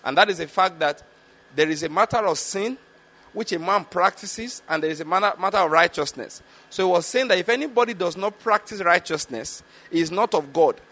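A man delivers a Bible teaching sermon in a voice pitched a little high for a man. He reads verses slowly and deliberately, then explains them. He keeps asking his listeners whether they are following the point. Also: pushed and bright. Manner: checks in with listeners with repeated questions. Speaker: preacher.

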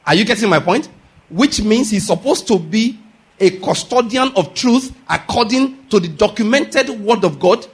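Male preacher, high voice, emphatic sermon delivery, asks questions and waits for answers. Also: lively intonation, normal speed, slightly rough. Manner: emphatic, asks rhetorical questions and repeats key lines; calls for audience responses.

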